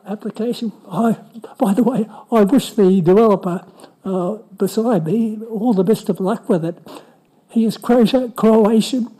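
A man asking a question as a resident at a council meeting, halting and restarting often. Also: high voice, mellow, poor audio. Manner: halting, with many restarts and fillers. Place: council chamber.

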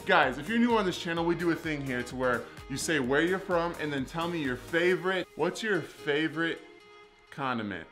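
A man's voice: a little high, brisk, few pauses, fairly bright tone, soft background music. A man in his twenties chatting casually to camera as a vlogger, playfully overdramatic and jokey. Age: 20s. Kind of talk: casual vlog chat to camera.

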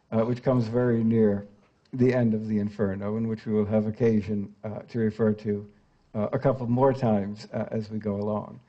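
Older man lecturing, mellow and scholarly. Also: fairly low pitch, highs cut off. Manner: scholarly, with frequent "uh" fillers, reads quoted verse aloud. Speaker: translator giving a talk.

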